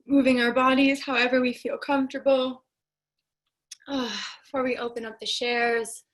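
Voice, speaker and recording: A woman facilitating an online group video call, emotional and gently guiding the participants. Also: medium pitch, rough recording. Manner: warm, emotional, gently instructive.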